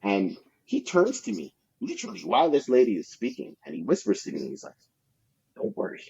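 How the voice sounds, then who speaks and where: A man's voice: medium pitch, huge pitch swings, fairly quick, vocal fry, darkish tone, slightly rough. A man, a podcast guest, telling rambling stories about his sales jobs in a casual, profane way, full of fillers. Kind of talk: casual anecdotal storytelling. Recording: dull lo-fi podcast audio.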